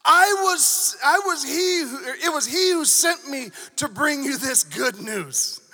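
A pastor putting on a furious, commanding male angel, shouting indignantly in an echoey hall. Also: extremely high pitch, lively intonation, moderate pace, heavily acted. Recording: echoey hall with long reverb.

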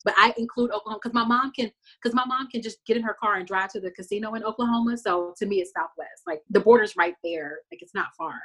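A woman from Texas hosting a podcast, retelling TV scenes in an animated, casual way full of fillers. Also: mid-range voice, fast talker, few pauses, slightly rough. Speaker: podcast host recapping a TV show. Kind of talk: casual chat.

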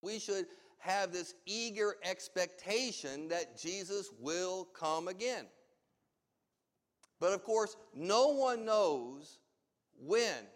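A man preaching a sermon as pastor, emphatic and full of rhetorical questions. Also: sits high. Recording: long hall reverb.

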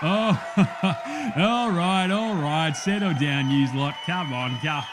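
A man's voice: on the high side, slow, crowd noise, background noise. A man playing a brash, blokey male Australian TV cooking host with an Australian accent, in a comedy cooking-show parody full of crude matey banter. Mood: cheeky.

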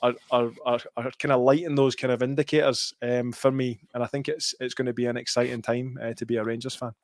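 A man's voice: mid-range voice, level tone, quick pace, no room sound, clean studio sound. A Scottish man co-hosting a podcast, easygoing and agreeable as he reads out listener comments. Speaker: podcast co-host. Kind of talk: casual chat, reading comments.

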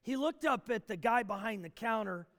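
A man telling a story in a sermon, animated, with frequent restarts and fillers. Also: high-pitched, moderate pace. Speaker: preacher. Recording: long hall reverb.

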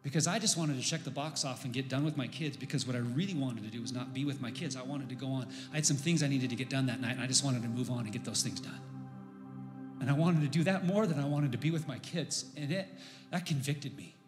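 A man's voice: mid-range voice, fast. A middle-aged man, a pastor, preaching a conversational sermon full of candid personal stories. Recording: roomy hall with faint music.

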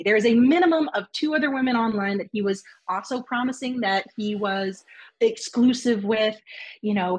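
A woman's voice: a little high, slightly rough. A woman telling a personal story in casual podcast chat, candid and swearing freely, acting out what others said. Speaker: podcast guest.

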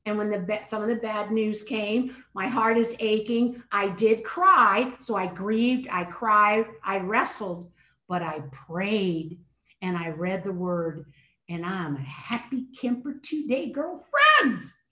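An older woman, a podcast guest, telling a personal story in an animated way and acting out her own inner dialogue. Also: medium pitch, slow. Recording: echoey room.

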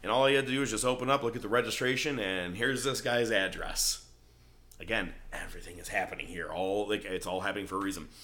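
A man's voice: lowish voice, quick pace. A man hosting a podcast in casual chat, recapping a TV show with lots of swearing and acted-out quotes. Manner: animated, swearing, acts out quotes in character voices. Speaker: podcast host.

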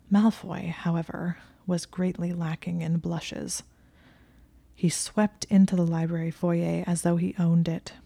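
A woman reads a story in a dry, measured way. Her voice is low, with a gravelly texture and a mellow warmth. The sound is dry and close. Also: dry recording. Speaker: narrator. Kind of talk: audiobook reading of fan fiction.

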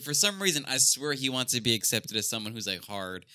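A man's voice: mid-range voice, sing-song, brisk, sharp tone, no echo. A young man co-hosting a casual podcast chat, ranting with lots of swearing and laughter. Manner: profane ranting, laughs often. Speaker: podcast co-host.

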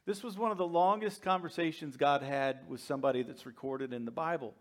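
A man with a fairly high-pitched, brisk voice preaches as a pastor. He keeps it conversational and humorous, joking with his congregation and laughing along with them.

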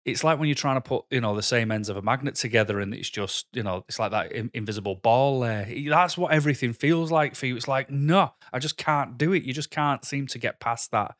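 A man telling a personal story to camera, candid and halting, often frustrated and filling gaps with "you know". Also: mid-range voice, fairly bright tone, no room sound, studio quality. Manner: frustrated, heated. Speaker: vlogger.

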